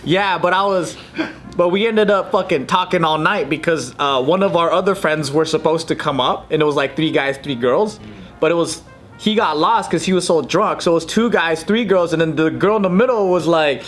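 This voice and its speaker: A man's voice: on the high side, a little fast, a bit bright. A man co-hosting a casual chat, telling a rambling story with fillers. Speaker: co-host.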